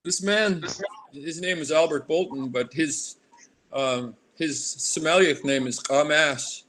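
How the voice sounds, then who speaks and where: A man in his sixties from Alaska, a guest in an interview, rambling warmly and drifting into tangents. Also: on the high side, slow, a little hiss or hum. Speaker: artist guest. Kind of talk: casual interview conversation.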